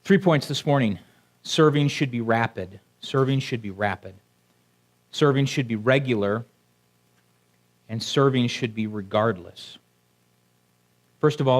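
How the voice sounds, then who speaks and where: A male pastor with a medium-pitched voice preaches a sermon to his congregation in a church sanctuary. He keeps it conversational, often pausing to put questions to the people in front of him.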